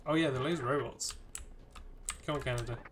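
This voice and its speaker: While game music plays, a male streamer keeps up casual, rambling commentary on his video game, talking to the characters as he goes. He has a medium-pitched voice, speaks fairly quickly, and there's background noise.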